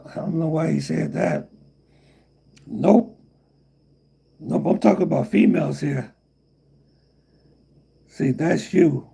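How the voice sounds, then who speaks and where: A man's voice: on the high side, slow pace, gravelly, pauses often, warm tone, breathy edge. A middle-aged man hosting a casual livestream, rambling and repeating himself while answering chat comments. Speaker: livestream host.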